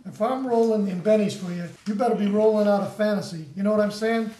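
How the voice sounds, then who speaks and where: A performer playing a crude, cocky Sicilian tough guy, in a homemade animated play. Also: mid-range voice, fast talker, distant mic, natural voice. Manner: streetwise, crude, slangy. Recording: echoey room, from the mic.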